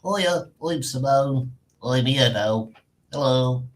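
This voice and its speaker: A man putting on a voice for his friend Simone during a livestream chat, a slow sing-song greeting. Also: medium pitch, close to an everyday voice. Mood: playful. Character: friend Simone, casual impression.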